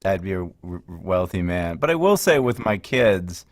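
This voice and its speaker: A middle-aged man hosting a legal podcast, chatting in a relaxed, thoughtful way. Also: deep voice, moderate pace, no echo, studio quality. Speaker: podcast host, lawyer. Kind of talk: casual interview chat.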